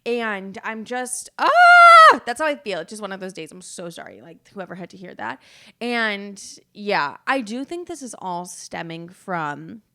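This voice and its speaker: Expressive and a bit bright, her mid-range voice moves at a moderate pace. She's a woman in her twenties hosting a podcast of rambling, frank casual chat, full of swearing and acted-out dialogue.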